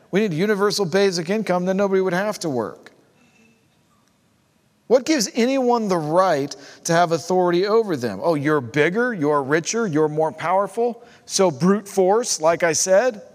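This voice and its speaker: A male pastor preaching a sermon, stacking rhetorical questions and dropping to a hush on key phrases. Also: sits high. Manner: rhetorical, builds with repeated questions. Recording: long church hall reverb.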